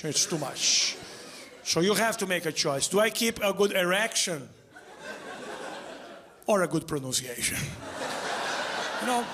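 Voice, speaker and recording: A man performing a stand-up comedy set, acting out the voices in his stories. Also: high voice. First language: Portuguese. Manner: animated storytelling, acts out voices, shouts for punchlines. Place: theater stage before a live audience.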